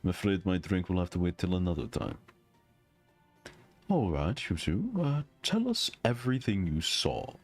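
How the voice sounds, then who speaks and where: Refined scholarly detective, low and deep, read by a man for a game playthrough. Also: big pitch swings, moderate pace, darkish tone, slightly rough, soft background music, exaggerated voice. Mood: measured.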